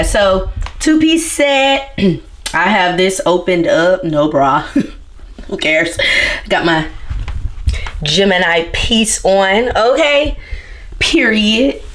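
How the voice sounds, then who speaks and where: Slow-talking, teary woman vlogger. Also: lowish voice, sing-song, a bit bright. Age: 30s. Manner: chatty, emotional, gets teary. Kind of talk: casual vlog chat.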